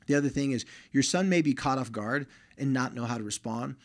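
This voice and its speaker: A man's voice: mid-range voice, a little fast. A man hosting a podcast, talking straight to listening fathers in a casual, direct way and giving advice on relationships with their sons. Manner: direct and conversational, speaking straight to listening dads.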